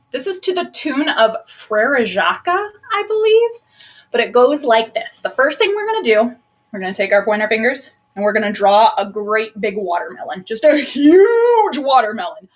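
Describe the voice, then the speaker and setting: Working from home with a laptop balanced on a box, a librarian leads a live online storytime for children. Her voice is slightly high, and she uses simple words in a gentle, encouraging way. The laptop's built-in mic captures the sound.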